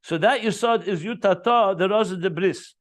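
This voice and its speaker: A man's voice: sits high, normal speed. A man teaching a Chassidic text, explaining it line by line, repeating key terms and adding enthusiastic asides. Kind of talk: Talmudic-style text study lesson.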